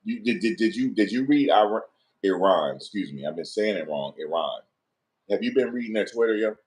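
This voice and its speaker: A man doing casual vlog commentary, animated and slangy, repeatedly pleading with viewers for likes. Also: lowish voice, quick pace. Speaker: online commentator.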